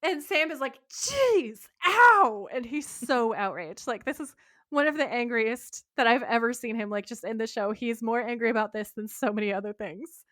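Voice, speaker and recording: Animated woman podcast co-host. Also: a little high, fairly quick, no room sound, clean studio sound. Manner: animated, swearing, laughing storyteller. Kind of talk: casual TV episode recap chat.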